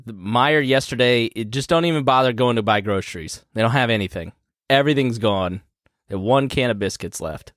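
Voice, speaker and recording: A man's voice: medium pitch, brisk, a bit bright, no room sound, clean studio sound. A man co-hosting a podcast, chatting playfully and laughing often. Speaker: podcast co-host. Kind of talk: casual comedic chat. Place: Indianapolis.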